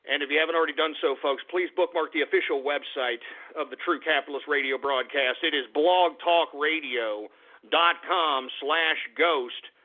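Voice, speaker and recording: Angry guy on internet radio yelling and cussing, high voice, sounds like a phone line. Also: moderate pace. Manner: ranting, cursing, swings from muttering to shouting. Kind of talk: angry political rant.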